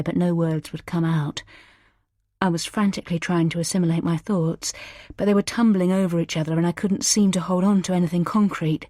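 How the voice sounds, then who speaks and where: A woman's voice: on the low side, fairly even intonation, a little fast, no echo, clean studio sound. A woman narrating a first-person thriller audiobook in a tense, dramatic manner. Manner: tense, dramatic, shouting in character lines.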